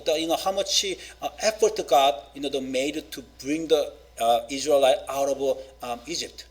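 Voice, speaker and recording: High-voiced man preaching a sermon. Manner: halting, many fillers, rising emphatic quoting. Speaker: pastor.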